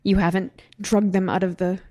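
A woman on a podcast panel talks at a middle pitch with lively energy. She plays out other people's remarks in quick little voices and drops laughing asides as she goes. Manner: animated, acting out quoted remarks, laughing asides. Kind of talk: casual panel chat.

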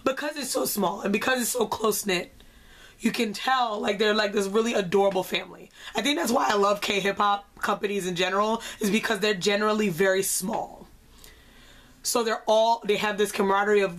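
A young woman vlogger giving an excitable, chatty concert review, full of "like". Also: mid-range voice, brisk. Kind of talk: casual concert review vlog.

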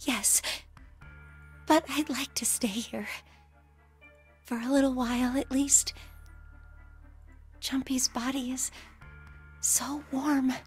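A man voicing a frantic, terrified young woman in a shrill falsetto. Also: steady tone, takes it slowly, pauses often, faint music behind. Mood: soft, grateful.

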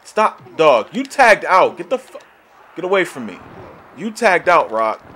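A man's voice: a little high, big pitch swings, measured pace, sharp tone, slight background noise. Ranting young man, swearing gamer. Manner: frustrated, ranting, swears often. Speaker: gaming YouTuber. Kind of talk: profane let's-play commentary.

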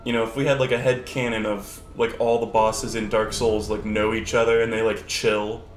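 A young man streaming a video game, chatting casually and excitably with swearing, sudden shouts and laughter. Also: fairly low pitch, normal speed, echoey room, a little hiss or hum. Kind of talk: casual gameplay commentary. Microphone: older lower-quality desk mic.

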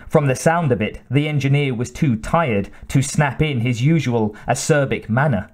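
In a calm, deliberate reading voice pitched in the middle range, a man narrates an audiobook from a script.

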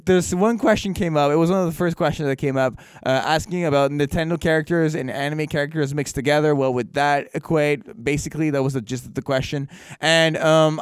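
Male podcast host, upbeat and effusive, clear slightly high voice, dry sound. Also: dry recording. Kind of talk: casual podcast outro.

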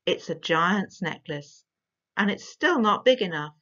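A woman's voice: mid-range voice, very animated, a little slow, a bit bright. A woman voicing a determined, stubborn young girl in a storybook reading, speaking in an earnest, insistent, matter-of-fact way. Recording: dull lo-fi recording.

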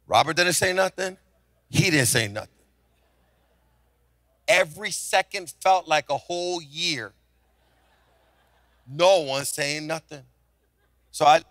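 A man preaching a sermon as senior pastor, telling a story with animated delivery and acted-out voices. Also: a little high, no echo, studio quality.

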